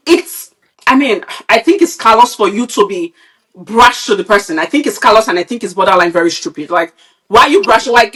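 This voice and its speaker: A woman's voice: fairly high pitch, fairly bright tone. A woman from Nigeria, a podcast co-host, ranting bluntly and with a lot of swearing in casual, opinionated chat. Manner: blunt, profane, heated ranting.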